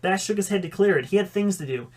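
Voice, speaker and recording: A man's voice: high voice, lively intonation, fast talker, darkish tone. A man reading a fan story aloud, with occasional slips that he corrects. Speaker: audiobook reader.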